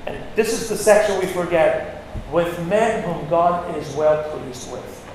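A high-voiced man preaches bluntly and forcefully, his voice climbing into loud peaks. The sound bounces around a big echoey hall with a long reverb tail. Faint noise sits underneath. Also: a little slow. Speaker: pastor. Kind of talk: sermon.

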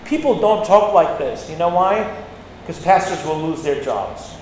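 A high-voiced man preaches bluntly and forcefully, his voice climbing into loud peaks. The sound bounces around a big echoey hall with a long reverb tail. Faint noise sits underneath. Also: lively intonation, moderate pace. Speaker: pastor. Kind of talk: sermon.

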